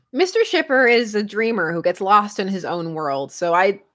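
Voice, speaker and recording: A young adult woman chatting casually with her stream viewers, lively and quick to laugh. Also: mid-range voice. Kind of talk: casual live-stream chat.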